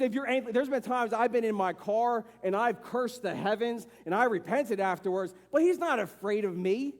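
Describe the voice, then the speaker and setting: A man pastor preaching a sermon with passion, acting out the voices of people he quotes. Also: a little mellow. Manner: impassioned, acts out dialogue with rising pitch. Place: church sanctuary. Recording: long church hall reverb.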